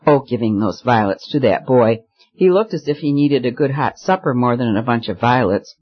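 A careless, petulant young society woman, voiced by a man reading aloud who is bored with everything. The delivery sits at an ordinary middle pitch. The recording is slightly muffled. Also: expressive, normal speed, close to an everyday voice.

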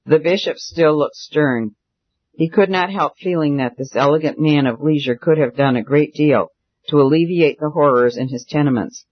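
A man reading a novel aloud in a steady, earnest manner. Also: fairly high pitch. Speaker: audiobook narrator. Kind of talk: scripted narration. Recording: dull dry recording.

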